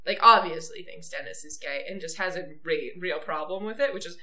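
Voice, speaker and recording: A woman hosting a podcast in casual chat, enthusiastic and quick to laugh. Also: lowish voice, pushed and bright, reverberant, slight background noise. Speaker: podcast host.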